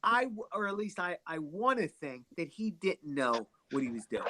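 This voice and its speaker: A man's voice: sits high, very animated, normal speed, sharp tone. A man hosting a casual livestream chat, talking in a rambling, chatty way. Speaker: live stream host.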